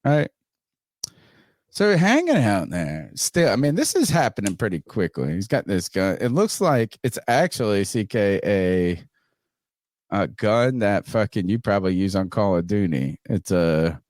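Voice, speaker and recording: A man telling a wild story on a podcast, swearing freely and jumping into loud voices for himself and his friend. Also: on the low side, a little slow, dry recording, studio quality. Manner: animated, swearing, acts out both sides in raised voice. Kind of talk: casual profane storytelling.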